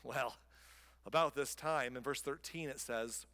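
Casual preacher, long hall reverb. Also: male voice, medium pitch, a little slow, pushed and bright. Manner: casual, conversational storytelling. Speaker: pastor. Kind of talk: sermon.

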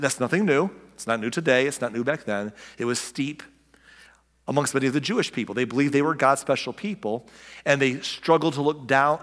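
A man's voice: medium pitch, fairly bright tone. Preaching man, voice ringing through a hall. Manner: conversational preaching with rhetorical questions and direct address. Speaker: pastor. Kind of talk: sermon.

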